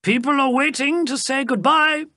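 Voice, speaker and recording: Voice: high-pitched, fairly even intonation, normal speed, sharp tone, dry recording, clean studio sound, pitched above the performer's own voice. A reader doing a loyal old soldier. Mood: calling.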